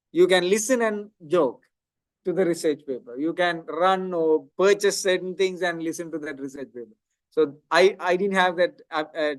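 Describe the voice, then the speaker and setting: A middle-aged man delivers a technical lecture in a fairly high voice, walking through each step and tagging his points with "right?". The sound is dry and close, with no room echo. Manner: explanatory, repeats "right?" to check understanding.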